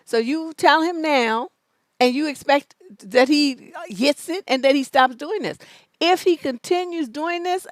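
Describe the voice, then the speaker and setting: A middle-aged woman answers relationship questions in a blunt, scolding way, swearing freely as she drives her points home. Her voice sits high, and the sound is dry and close with no room echo. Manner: profane, scolding and emphatic. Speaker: relationship advice host. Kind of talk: blunt live advice show.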